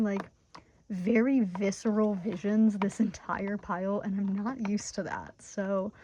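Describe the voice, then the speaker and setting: Young woman tarot reader, giggly and excitable, casual direct-to-viewer chat, slightly muffled home recording. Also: mid-range voice. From Michigan, USA. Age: 20s. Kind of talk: casual tarot reading monologue.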